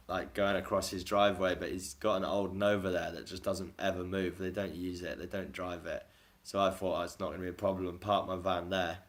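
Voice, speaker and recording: A man with a very low voice chats loosely into his phone for a daily video diary. He rambles from story to story, laughing at himself as he goes. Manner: rambling, self-deprecating, laughs often. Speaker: vlogger.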